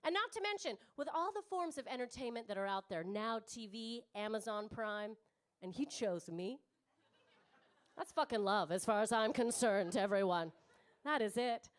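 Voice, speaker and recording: A woman in her thirties is on a comedy club stage before a live audience, doing brash stand-up that teases the crowd and swears freely. She has a fairly high voice with lively intonation, at a moderate pace.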